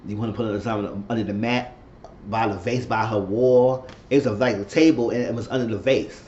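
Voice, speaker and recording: A man giving a casual recap of a TV episode, chatting and reacting loudly to what the characters do. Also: fairly low pitch, fairly even intonation, brisk, muffled recording. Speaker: TV show reviewer.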